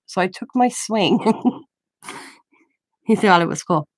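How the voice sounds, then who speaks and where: A woman's voice: mid-range voice, unhurried, no echo. An older woman, a grandmother, telling a rambling story in casual chat, with many restarts. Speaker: craft vlogger.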